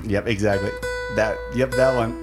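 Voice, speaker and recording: A man's voice: fairly low pitch, fairly even intonation, fairly quick, loud music behind the voice. A man hosting a podcast, chatting loosely and joking, often breaking into laughter. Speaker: podcast host. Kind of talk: casual chat.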